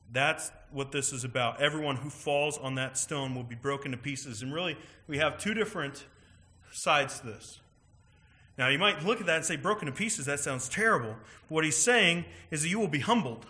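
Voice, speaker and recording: A man preaching a sermon, teaching with animated emphasis and frequent "all right" and "right?" asides. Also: medium pitch, moderate pace. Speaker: pastor.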